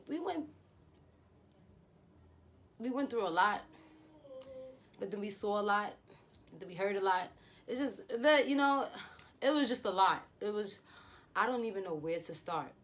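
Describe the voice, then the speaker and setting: A woman's voice: mid-range voice, lively intonation, normal speed, long pauses. A young woman vlogger chatting animatedly through a storytime, acting out quotes. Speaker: beauty vlogger. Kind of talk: storytime vlog.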